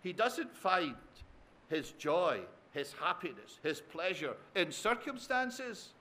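A male preacher delivering a sermon in a high voice, taking his time over every phrase. He builds his points by repeating phrases and turns to the congregation with tag questions. He addresses them warmly as his dear friends. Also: sing-song, takes it slowly.

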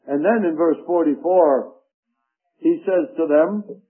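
A man preaching a sermon, slow and emphatic, reading scripture aloud. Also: on the high side. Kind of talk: radio sermon. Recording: tinny phone-like radio broadcast.

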